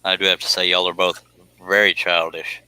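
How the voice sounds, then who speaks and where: Male host, folksy and joking, crisp close dry sound. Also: deep voice, little pitch movement, brisk, bright, forceful tone, no room sound, poor audio. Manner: folksy, joking, reads viewer comments aloud. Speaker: livestream host. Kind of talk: casual livestream chat reading comments.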